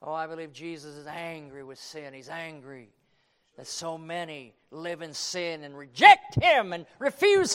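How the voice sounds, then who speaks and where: A man preaching a sermon, quoting scripture and swinging from hushed tones to shouting. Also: a little high, expressive, a little slow, clean tone. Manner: quotes King James scripture.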